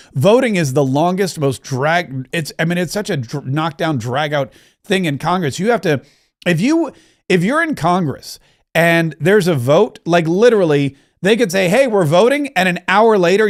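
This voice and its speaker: A man hosting a political commentary show in an animated, chatty way, often repeating phrases. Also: on the high side.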